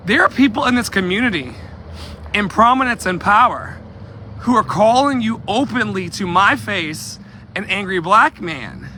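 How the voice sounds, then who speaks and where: A man's voice: high-pitched, expressive, moderate pace, pushed and bright, a little hiss or hum. A man vlogging outdoors while walking, talking emphatically and repeating himself, with asides to his viewers. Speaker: activist vlogger. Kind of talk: impassioned street vlog.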